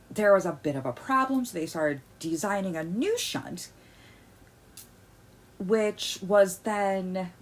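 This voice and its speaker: A woman vlogger on an agitated rant, tripping over her words as she restarts sentences. Her voice sits at an ordinary middle pitch, but she swings from loud bursts to quiet muttering. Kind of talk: ranting commentary.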